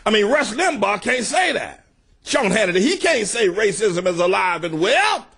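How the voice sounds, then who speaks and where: Husky, high-pitched shouting preacher man. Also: very animated, moderate pace. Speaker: pastor. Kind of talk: fiery political sermon.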